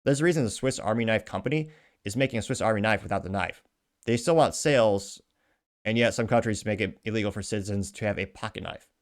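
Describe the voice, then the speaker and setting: A man's voice: lowish voice, fast talker. A man hosting a commentary show, reading out comments and ranting with indignant sarcasm. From United States. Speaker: host.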